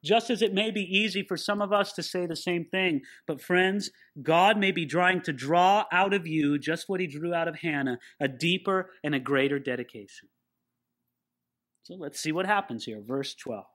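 Man, pastor, sermon teaching, high voice, bright tone, conversational, emphatic. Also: normal speed. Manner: conversational, joking asides, emphatic. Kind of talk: expository Bible teaching sermon.

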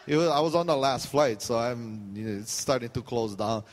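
A man's voice: mid-range voice, steady tone, normal speed, long reverb tail, a faint crowd. A middle-aged male pastor preaching a sermon, telling stories and acting out the voices of the people in them. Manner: storytelling with quoted voices and pidgin asides.

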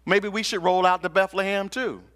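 A man's voice: high-pitched, fairly even intonation, moderate pace, fairly bright tone, voice pushed up. A man voicing a casual, dismissive temple scribe who talks in an offhand, slangy way. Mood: musing.

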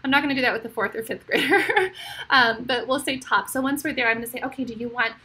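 Chatty, bright woman therapist with a slightly husky voice. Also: high voice, fast talker, poor audio. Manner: chatty, encouraging, often tags "right?" and "okay?". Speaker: speech therapist demonstrating a game. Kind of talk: casual screen-share tutorial.

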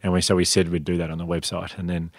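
A man's voice: deep voice, little pitch movement, quick pace, no echo, clean studio sound. An Australian man hosting a podcast, telling long self-deprecating anecdotes in a casual chat and sounding tired. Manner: rambling, self-deprecating anecdotes with frequent restarts. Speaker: podcast co-host.

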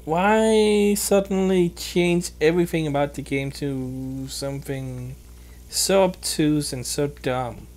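A woman's voice: low-pitched, slow, darkish tone. Exasperated woman swearing through a game. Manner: exasperated, swearing, muttering to herself. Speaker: let's play host. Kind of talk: video game commentary. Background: faint game music.

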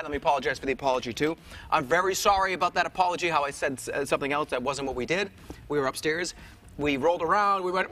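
A man's voice: fairly high pitch, rapid-fire, bright, forceful tone. A man streaming a game, rambling through jokey mock apologies to his chat. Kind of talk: casual live-stream commentary.

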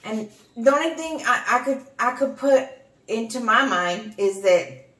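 A woman from Texas in her forties, co-hosting a family channel and telling a ghost story in casual chat, animated and repeating herself. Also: on the high side, a little slow. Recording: echoey room.

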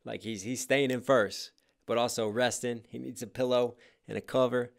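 A man reacting to a rap song and breaking down its lines one by one, with sudden bursts of hype between calm explanations. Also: medium pitch, normal speed, vocal fry. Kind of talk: casual reaction and lyric breakdown. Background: hip hop track playing faintly.

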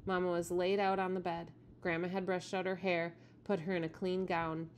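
A woman teacher reading a novel aloud in a steady, plain storytelling manner. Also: fairly low pitch, moderate pace, a little hiss or hum.

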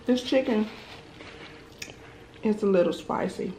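A woman's voice: mid-range voice, slow pace. A woman chats easily to her viewers between bites, her voice sitting mid-range and now and then muffled by a full mouth. The room is echoey, with a faint hum of background noise. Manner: talks with mouth full, relaxed and chatty. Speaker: mukbang vlogger. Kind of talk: casual chat while eating.

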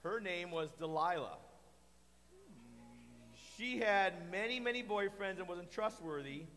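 Playful, high-voiced kids' church teacher. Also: male voice, a little slow, soft background music. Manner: playful, animated, asks the kids questions. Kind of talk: kids' Bible lesson. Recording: echoey hall reverb.

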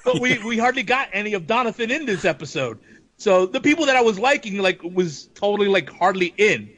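A man in casual podcast chat, animated and laughing often, sometimes slipping into playful quoted voices. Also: high voice, a little fast. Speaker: podcast guest.

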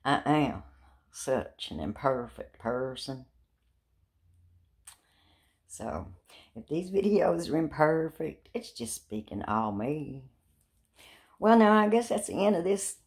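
Middle-aged woman vlogger, deep and fried voice, handheld phone, chatty and rambling. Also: big pitch swings, slow, long pauses, darkish tone. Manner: rambling and chatty, with repeated words and self-mocking laughs. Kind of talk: casual talk to camera.

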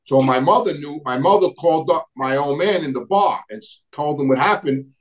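A middle-aged man tells long stories in a loose, rambling way. He keeps restarting his sentences, trails off, and pauses to dig for names. His speaking voice sits a little on the high side. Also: animated, rough recording. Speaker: guest recounting family history. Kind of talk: casual storytelling conversation.

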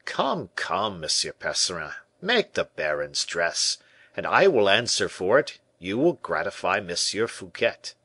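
A man reading an audiobook, voicing a suave, mild-mannered bishop who persuades smoothly and gently. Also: low-pitched, big pitch swings, a little slow, no echo, full character voice. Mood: coaxing.

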